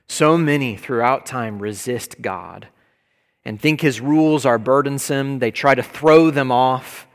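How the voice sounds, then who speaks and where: Male pastor, emphatic sermon, mid-pitched voice, long hall reverb. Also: a little slow. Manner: emphatic preaching that rises to loud bursts.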